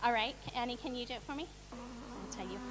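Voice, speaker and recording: A woman with a slightly high voice and a fairly bright tone speaks briskly. She leads a children's Easter reenactment in a church, upbeat and coaxing as she guides the kids into their places.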